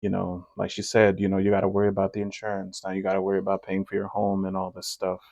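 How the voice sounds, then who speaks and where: Man, low gravelly voice, reaction commentary host, opinionated, conversational, dry dull lo-fi recording. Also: completely flat delivery, fast, a little mellow, no room sound. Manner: conversational, opinionated, filler-heavy.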